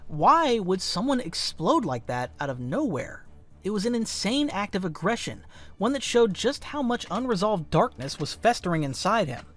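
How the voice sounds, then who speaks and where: A man with a high, lively voice delivers scripted narration, leaning into every dark turn with grave drama. His pitch swings widely as he builds tension. Soft music plays faintly underneath. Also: normal speed. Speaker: commentary narrator.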